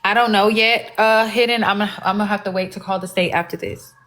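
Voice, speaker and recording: A woman talks straight to her live-stream viewers in a casual, salty way. Her voice sits at a middling pitch, and she is blunt and openly aggravated. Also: fairly even intonation, fast, a bit bright. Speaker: livestream host.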